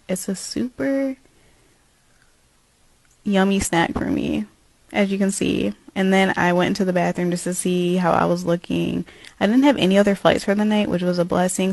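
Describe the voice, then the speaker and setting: A woman's voice: on the low side, vocal fry, darkish tone, dry recording. A young woman, an airport gate agent, chattily narrating her workday in a casual vlog voiceover. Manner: chatty, walking through her workday step by step. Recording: faint music behind.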